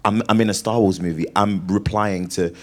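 A man's voice: on the low side, fairly even intonation, brisk. A British man, an actor, answering interview questions on stage in a playful way, laughing and restarting his sentences. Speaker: actor guest.

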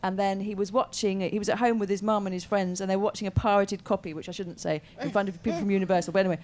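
A woman filmmaker in an interview, telling a lively anecdote and acting out the quotes. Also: medium pitch, racing. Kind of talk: casual interview chat.

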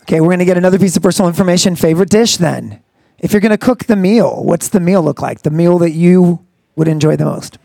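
A man interviewing a guest in front of an audience, asking brisk, curious questions. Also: high-pitched, creaky, warm tone, no echo, studio quality.

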